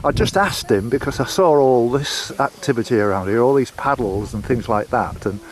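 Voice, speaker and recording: A man's voice: medium pitch, normal speed, slight background noise. A man vlogging a walk and chatting casually, repeating words and restarting his sentences as he goes. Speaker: walking vlogger. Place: outdoors on a walk.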